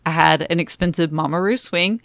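Gravelly-voiced woman chatting animatedly. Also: on the low side, a little fast, no echo, studio quality. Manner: animated, emphatic, acts out quotes. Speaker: podcast co-host. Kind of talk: casual chat about baby sleep.

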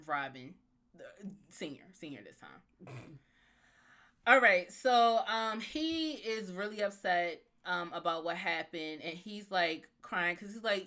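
A woman co-hosting a podcast in casual chat, animated, blunt and opinionated. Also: on the low side, takes it slowly. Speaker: podcast co-host.

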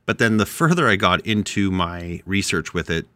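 A young man co-hosting a podcast, teasing and animated, his pitch swooping widely. The tone is bright and forward, and the recording sounds dry and close on a podcast mic. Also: moderate pace, no room sound. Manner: playful, teasing, animated delivery. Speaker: podcast co-host. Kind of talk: casual podcast banter.

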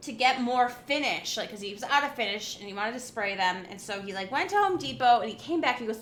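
A woman's voice: fairly high pitch, expressive, fast talker, few pauses, a bit bright, roomy sound, slight background noise. A woman co-hosting a podcast, chatting casually and animatedly, acting out quotes and swearing as she tells a story. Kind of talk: casual chat.

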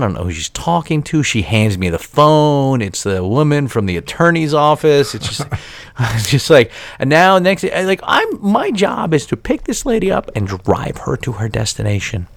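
Brief: male podcast host, lively swinging pitch, dry close sound, profane storyteller. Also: brisk, no room sound. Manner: rambling, profane, animated with many restarts. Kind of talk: storytelling monologue.

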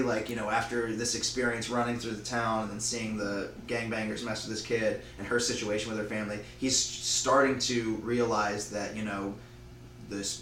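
Guy rambling thru a made-up movie plot, lowish voice, echoey room, mic kinda far, faint hum. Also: fairly bright tone. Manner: rambling, acts out lines in quick voices.

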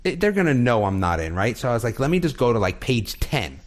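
Animated man telling a funny story. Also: medium pitch, quick pace. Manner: animated storyteller, acts out quoted voices, laughs often. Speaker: podcast guest telling a trip story. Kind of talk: casual podcast chat.

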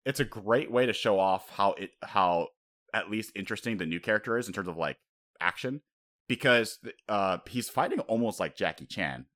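A man co-hosting a casual chat, talking in an animated way, laughing often and acting out quotes. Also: lowish voice, normal speed.

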